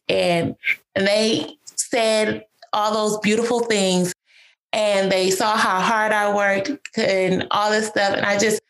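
A woman's voice: medium pitch, vocal fry. A woman guest telling a personal answered-prayer story in a casual, emotional, rambling way, with a lot of "like". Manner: emotional, rambling, heavy use of "like".

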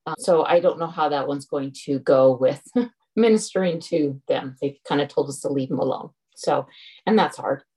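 A woman's voice: deep voice, moderate pace, mellow, breathy edge, poor audio. A middle-aged woman telling a frank, exasperated personal story to a group. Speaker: group member sharing. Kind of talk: casual personal sharing.

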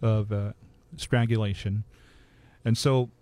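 A man telling local ghost stories in a relaxed, measured way, matter-of-fact about the details. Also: on the low side. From Hawaii. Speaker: ghost storyteller guest. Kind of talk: casual ghost storytelling.

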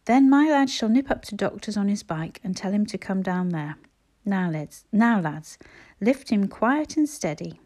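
A woman voicing a gruff, rustic farm bailiff in a storybook reading, slow and commanding. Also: medium pitch, expressive, a little mellow. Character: country farm bailiff, gruff older man.

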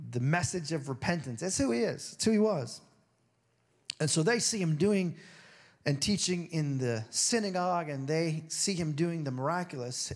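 A male pastor preaching a sermon in a conversational way. He drops low and quiet to read scripture, then climbs high and emphatic, often acting out other people's voices. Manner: swings between low, hushed reading and high, emphatic stretches.

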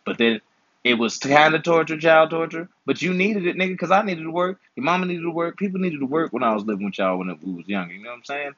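A man's voice: fairly high pitch, fast, fairly bright tone, no echo, muffled recording. A man in his twenties, an uncle hosting a channel, chatting casually and playfully with slangy, teasing advice. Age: 20s. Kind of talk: casual chat while gaming.

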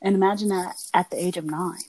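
A young woman speaking as a podcast guest in a candid personal conversation, soft-spoken and reflective, repeating phrases for emphasis. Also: lowish voice, steady tone, quick pace, slightly rough, low-quality recording.

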